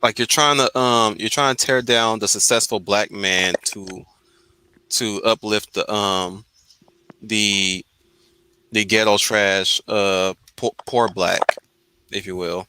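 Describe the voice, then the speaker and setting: A podcast host from Wisconsin muses slowly in a lowish, steady voice with a sharp, clean tone, though the audio quality is poor. In a casual group chat he rambles through his opinions, restarting often.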